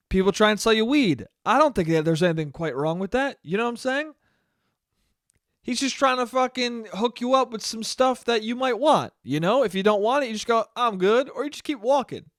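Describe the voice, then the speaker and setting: A young man hosting a solo podcast, telling a story in a casual, animated way with lots of swearing and laughing asides. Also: high-pitched, a little fast, no room sound, clean studio sound. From American suburbs. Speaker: podcast host.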